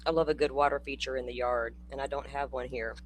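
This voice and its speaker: A woman's voice: extremely low pitch, fairly even intonation, quick pace, a little hiss or hum. Chatty woman, older. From Florida. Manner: chatty, laughing, swearing, addresses viewers by name. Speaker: true crime channel host. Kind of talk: casual livestream chat.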